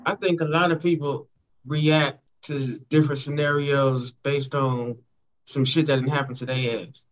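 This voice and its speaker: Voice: medium pitch, little pitch movement, measured pace. An interview host who speaks frankly and casually, swearing now and then. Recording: dull lo-fi recording.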